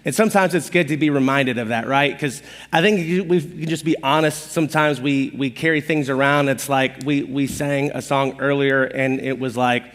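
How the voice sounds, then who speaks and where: A man preaching a sermon as pastor, telling personal stories in an animated, conversational, self-deprecating way. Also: medium pitch, normal speed, hardly any pauses. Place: church auditorium stage. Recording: long hall reverb.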